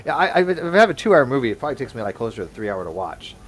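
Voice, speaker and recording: A man's voice: mid-range voice, sing-song, very fast, slight background noise. A man hosting a casual online hangout, rambling and stumbling over restarts as he talks. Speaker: livestream host.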